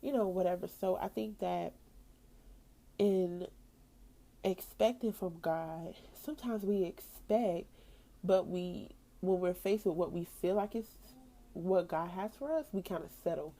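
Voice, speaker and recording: A young woman with a warm, lowish voice talks through her own story on a faith podcast. She speaks casually, leans on "like," and acts out what she was thinking at each turn. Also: a little slow. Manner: animated storytelling, acting out her own past thoughts; casual, slangy, with frequent "like" and laughs. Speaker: podcast host.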